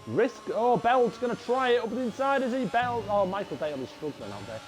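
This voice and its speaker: A young man giving live sim racing commentary, chatty and excitable, talking to his viewers as lads. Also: very high-pitched, fairly quick, low-quality recording. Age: young adult. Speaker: race commentator.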